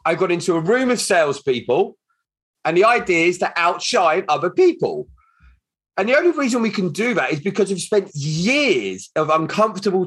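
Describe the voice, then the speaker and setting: A man's voice: a little high, husky. A man hosting a podcast, chatting casually and acting out the people in his stories. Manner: animated storyteller, acts out quoted dialogue. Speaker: podcast host.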